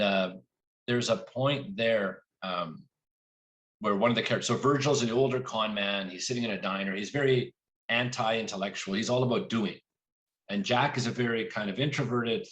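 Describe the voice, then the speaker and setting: A man speaking as an author guest at a live library event, telling lively anecdotes and voicing quoted lines along the way. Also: fairly low pitch.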